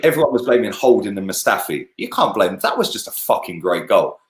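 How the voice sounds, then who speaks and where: A man's voice: lowish voice, big pitch swings, brisk. A young man, chatting animatedly about football with lots of slang and swearing. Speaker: football podcast co-host. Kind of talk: casual football chat.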